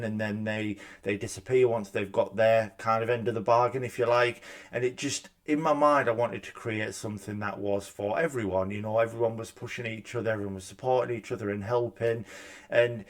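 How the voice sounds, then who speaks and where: A man's voice: on the low side, fairly even intonation, a little fast. A man, a gaming YouTuber talking in a casual, chatty, self-deprecating way at a desk mic in a room at home. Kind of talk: casual reaction vlog. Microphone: desk microphone.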